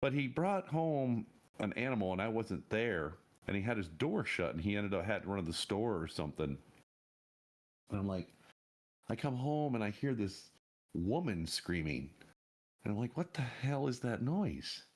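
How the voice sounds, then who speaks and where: A man's voice: on the low side, expressive, normal speed. A man on a podcast telling a rambling, laughing anecdote in casual chat. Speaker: podcast co-host.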